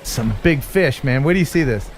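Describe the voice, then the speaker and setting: A man in his forties hosts a relaxed live stream, joking and laughing as he goes. His pitch sits in the middle but swings widely from line to line. It sounds like casual, playful banter. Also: normal speed, a little hiss or hum. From USA. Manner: goofy, playful, laughs often. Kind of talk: casual chat.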